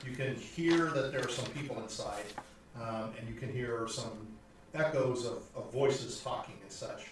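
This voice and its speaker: Acting as dungeon master, a man narrates a tabletop game at a moderate pace and medium pitch, rambling with fillers and restarts. The recording sounds echoey, captured from far off in the room.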